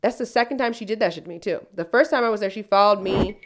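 A woman's voice: mid-range voice, quick pace, noisy background. A woman podcast host telling a story in casual chat, swearing freely and ranting. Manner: profane, heated storytelling rant.

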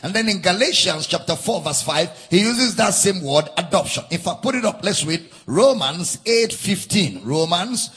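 A man's voice: sits high, lively intonation, normal speed, hardly any pauses, fairly bright tone, slightly rough. A man preaching a sermon at a church camp meeting, stressing and repeating key phrases and spelling out words for note-takers. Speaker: pastor.

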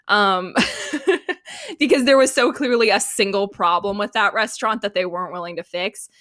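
A woman's voice: medium pitch, moderate pace, a bit bright, no room sound, studio quality. A young woman guesting on a podcast, chatting in an easygoing way and giggling. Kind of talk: casual chat.

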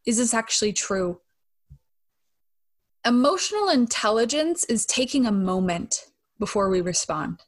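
A young adult woman hosting a podcast in a casual monologue, talking conversationally and often tagging her points with "right?". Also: fairly high pitch. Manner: conversational, frequent "right?" tag questions. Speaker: podcast host.

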